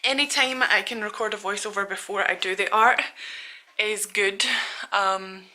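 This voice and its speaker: A woman's voice: medium pitch, steady tone, normal speed, sharp tone. A woman in her thirties from Scotland, chatting casually and rambling in a studio vlog, laughing at herself. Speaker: artist vlogger.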